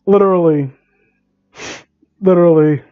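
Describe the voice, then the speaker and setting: A man with a high voice reads fan fiction aloud for laughs. He keeps breaking off into sarcastic, incredulous, rambling commentary. The recording is dull and lo-fi. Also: unhurried. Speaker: host reading fan fiction. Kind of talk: comedic dramatic reading with commentary.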